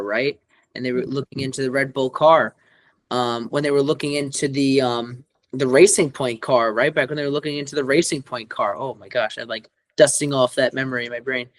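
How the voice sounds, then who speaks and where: A man's voice: mid-range voice, steady tone, normal speed, no echo. A man co-hosting a podcast in casual chat, rambling with lots of fillers and restarts. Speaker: podcast co-host.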